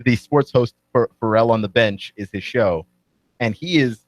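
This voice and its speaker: A man in his twenties co-hosting a radio show, chatting casually in an animated, rambling way. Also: mid-range voice, normal speed, dry recording. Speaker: radio co-host. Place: radio studio.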